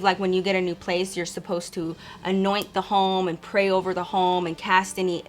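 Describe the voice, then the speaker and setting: A young woman vlogger with a medium-pitched voice tells her viewers a ghost story. Her chat is casual and animated, she swears freely, and she calls them "y'all" and "girl."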